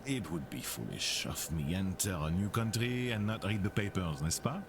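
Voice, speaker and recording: A man's voice: low-pitched, animated, moderate pace, creaky, background noise. An actor playing a scheming male investigator who speaks formally and persuasively. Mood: confiding.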